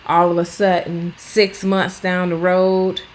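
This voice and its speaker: This woman in her fifties, a lifestyle vlogger, takes her time speaking in a fairly low voice with little pitch movement while she cleans at home. She talks casually, earnest and blunt in a plain way, over slight background noise on a low-quality recording.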